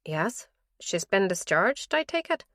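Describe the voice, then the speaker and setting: A woman's voice: medium pitch, big pitch swings, a little slow, fairly bright tone, no echo, clean studio sound. A woman doing an earnest female detective. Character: earnest female police detective, careful and tactful.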